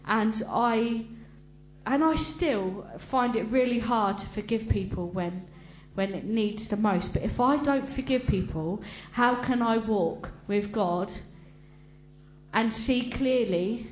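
A woman giving an emotional personal testimony to a congregation, talking earnestly and haltingly with frequent restarts. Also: medium pitch. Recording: roomy echo with faint hum.

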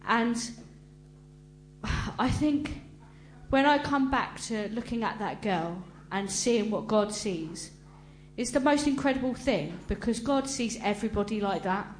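A woman giving an emotional personal testimony to a congregation, talking earnestly and haltingly with frequent restarts. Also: fairly high pitch, animated. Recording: roomy echo with faint hum.

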